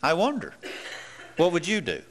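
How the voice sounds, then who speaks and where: At normal speed and with huge pitch swings, a man preaches in a bright, forceful, slightly high voice. He comes across as earnest and questioning, restarts often, and goes low when acting out doubts.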